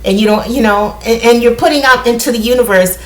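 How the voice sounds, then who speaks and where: A woman's voice: a little high, fast talker. A woman talking casually to her viewers, rambling with asides and laughs. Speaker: spiritual vlogger. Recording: echoey room.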